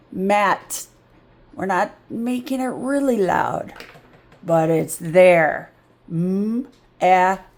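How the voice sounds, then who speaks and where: Slow, patient woman tutoring phonics. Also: lowish voice, vocal fry, darkish tone. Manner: patient, drawn-out explaining. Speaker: reading tutor. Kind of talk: phonics lesson.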